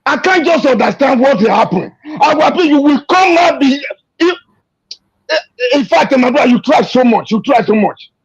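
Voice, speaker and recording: A man giving an emotional, impassioned political rant, repeating himself and shouting in anger. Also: very high voice, lively intonation, moderate pace. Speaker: activist speaking to an interviewer. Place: abroad. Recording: dull lo-fi recording.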